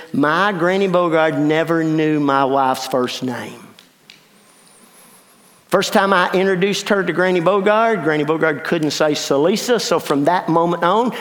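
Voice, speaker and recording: High-voiced man preaching in a reverberant hall. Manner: dramatic, swings between hushed and exclaiming. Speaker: pastor. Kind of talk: storytelling sermon. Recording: long reverb of a large hall.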